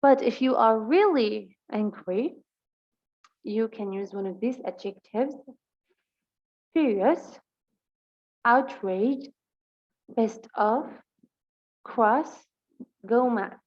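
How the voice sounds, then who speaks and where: A woman's voice: a little high, dull audio. Woman teacher with a Levantine Arabic accent. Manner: reads example sentences slowly, explains quickly in Levantine Arabic. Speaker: English teacher. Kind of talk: bilingual vocabulary lesson.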